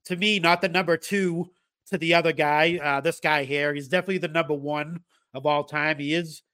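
A man hosts a casual podcast in a rambling way, full of fillers and restarts. His voice sits a bit high for a man. The recording is close and dry, with no room sound. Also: fairly even intonation, a little fast, bright, forceful tone, no echo. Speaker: podcast host.

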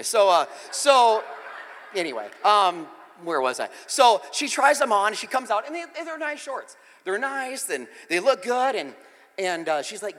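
Man, 40s, pastor, sermon, high voice, very expressive pitch, acts out scenes, long hall reverb. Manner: animated, swings from quiet to loud, acts out scenes. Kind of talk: sermon with storytelling.

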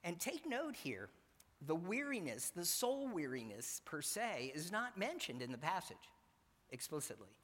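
A man's voice: fairly high pitch, sing-song, a little slow, a bit bright. A man preaching a sermon in an earnest, emphatic way, repeating his key phrases. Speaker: pastor. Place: church sanctuary. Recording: church hall reverb.

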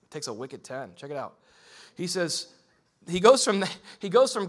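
Pastor, man, in a church; casual preaching that climbs to loud outbursts, bright, fairly high voice. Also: normal speed. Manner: conversational preaching, rising to loud excited bursts. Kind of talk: sermon.

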